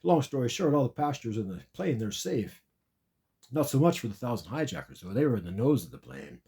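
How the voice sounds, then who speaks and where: A man's voice: mid-range voice, big pitch swings, brisk, mellow. A man telling a long, rambling comic story about a dream, repeating and restarting his words often.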